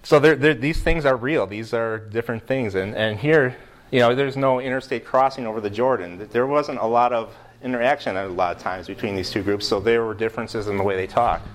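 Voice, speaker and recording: An American man teaching a Bible class in a room with a board, lively, putting questions to the class and often restarting his sentences. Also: medium pitch, a little fast. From United States.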